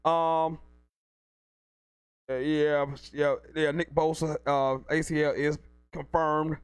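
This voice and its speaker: Man, live sports call-in host, hype-man energy, slightly high voice. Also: level tone, slow pace, clear, resonant tone, dry recording. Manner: hyped, repetitive, self-promoting.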